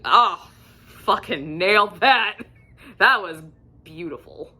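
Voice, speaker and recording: A woman talks through a book review in a bright, sharp voice. She is candid and casual, drops swear words freely and fills her pauses with ums. Her pitch sits in an ordinary middle range. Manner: candid, profane, chatty with frequent ums.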